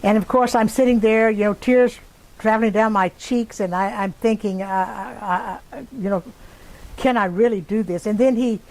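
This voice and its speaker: An older woman with a Texan accent, being interviewed, tells a personal story in a rambling way and acts out the voices of the people in it. Her medium-pitched, slightly mellow voice moves at a normal speed, though the audio quality is poor.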